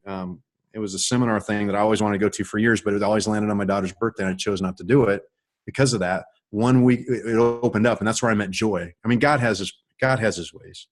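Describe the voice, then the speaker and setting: A middle-aged man telling a personal story in a casual, rambling way, with many restarts and animated stretches. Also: lowish voice. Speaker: author and guest on a call.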